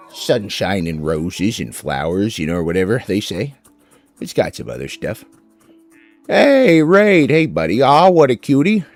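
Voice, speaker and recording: A man's voice: mid-range voice, fairly bright tone. A man streaming a game, chatting casually with viewers and cooing baby talk at his dog.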